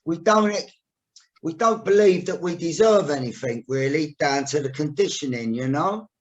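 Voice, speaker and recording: A man's voice: on the high side, animated, normal speed, lo-fi sound. A man, hosting a podcast and telling stories in a chatty way, with casual swearing. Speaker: podcast host.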